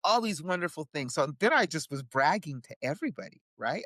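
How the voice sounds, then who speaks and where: A woman's voice: on the low side, fairly quick, few pauses, no room sound, studio quality. A woman who is an indie author and publisher, a guest telling her story in a casual interview and often tagging lines with "right?". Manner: animated, acts out quoted voices, frequent "right?".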